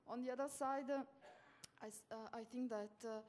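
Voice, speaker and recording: Italian woman on a panel, bit high voice, lots of uh's and pauses, faint room hum. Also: fairly even intonation. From Italy. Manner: hesitant, many "uh" fillers, soft laughs. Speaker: service provider panelist. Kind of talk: conference panel discussion.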